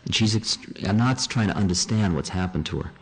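Low-voiced male teacher, relaxed, conversational spiritual talk. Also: fairly quick, husky, in a large hall. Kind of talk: casual spiritual talk with readings.

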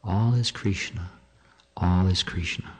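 A man's voice: lowish voice, animated, slow pace, darkish tone, voice pushed up, full character voice, poor audio. Man reading as a rapturous young wife. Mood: solemn. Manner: archaic, fervent and declamatory. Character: devoted young married woman, rapturous and solemn.

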